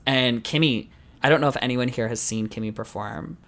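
A man co-hosting a podcast in casual chat, animated and laughing often, with the odd swear word. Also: medium pitch, fairly quick. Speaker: podcast co-host.

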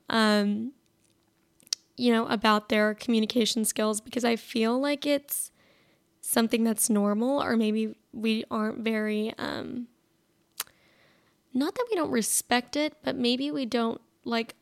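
Slow and a little high-voiced, this young solo podcast host rambles casually, breaking herself off and starting over often amid lots of filler words.

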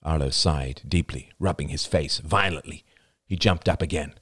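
A man narrating an audiobook chapter in an expressive, dramatic reading style. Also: rumbling low, normal speed, breathy edge, no room sound, studio quality. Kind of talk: scripted narration.

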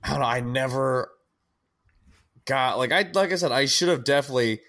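A man's voice: medium pitch, a little fast, fairly bright tone. A young man co-hosting a podcast in casual chat, rambling and laughing at himself. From United States. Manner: rambling, self-mocking, laughs often. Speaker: podcast co-host.

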